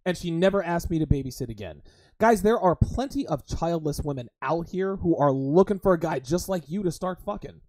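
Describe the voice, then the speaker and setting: A man's voice: fairly high pitch, expressive, brisk, darkish tone, dry recording. A man hosting a livestream podcast, talking crudely and emphatically and repeatedly calling his listeners guys. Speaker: host.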